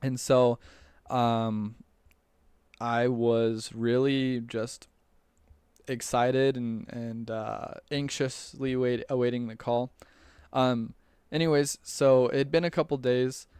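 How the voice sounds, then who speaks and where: A man's voice: mid-range voice, steady tone, takes it slowly, darkish tone, smooth, dry recording. A young man casually telling a personal story, chatty and rambling with lots of fillers and restarts. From United States. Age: young adult. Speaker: returned missionary telling his story.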